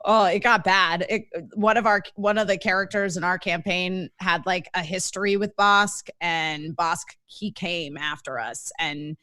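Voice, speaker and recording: A woman's voice: lowish voice, steady tone, unhurried, hardly any pauses, pushed and bright, dry recording. Enthusiastic woman, dry close sound. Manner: enthusiastic, giggly. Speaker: co-host. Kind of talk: casual chat.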